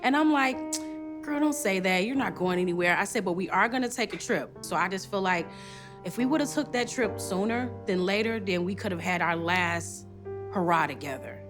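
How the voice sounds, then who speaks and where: A woman's voice: mid-range voice, expressive, normal speed. A woman who is a singer, telling a personal story in a reality show interview. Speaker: audience member and singer. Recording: interview with music bed underneath.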